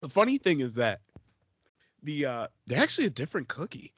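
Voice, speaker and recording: A man's voice: a little high, sing-song, fairly quick, fairly bright tone, dry recording. Joking young man on a dry lo-fi podcast. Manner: teasing, joking, swearing. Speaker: podcast co-host. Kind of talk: casual chat. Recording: dull, dry, lo-fi podcast mic.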